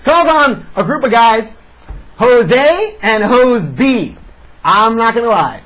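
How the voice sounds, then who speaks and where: Casting: high, husky-voiced man, sarcastic wrestling podcast co-host, lively delivery. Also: takes it slowly, low-quality recording. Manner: sarcastic, animated recapping. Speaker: wrestling show reviewer. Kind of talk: casual podcast chat.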